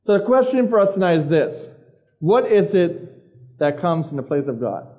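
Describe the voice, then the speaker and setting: A youth pastor gives an informal, chatty sermon to teenagers, asking the room questions and repeating his phrases. His voice sits high and sing-song, warm in tone and moderately paced. It's a dull, lo-fi recording of a live service.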